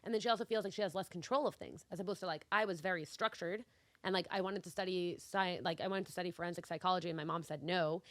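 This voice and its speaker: A woman from New York co-hosting a casual podcast chat, telling family stories in a quick, animated way. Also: lowish voice, dry recording. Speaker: co-host.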